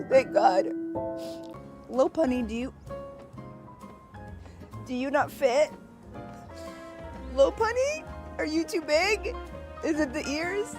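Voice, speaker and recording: A woman streamer talks over her game in a very high, lively voice that leaps up and down. She gushes and squeals and takes her time between thoughts, with game music playing clearly underneath. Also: takes it slowly, long pauses. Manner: gushing, squealing, laughs often. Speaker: gaming streamer. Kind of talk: excited let's-play commentary.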